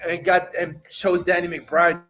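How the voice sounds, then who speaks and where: A man's voice: high-pitched, flat delivery, measured pace, bright, forceful tone. A man co-hosting a livestream in casual, profane chat, scoffing and agreeing while swearing. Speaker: co-host.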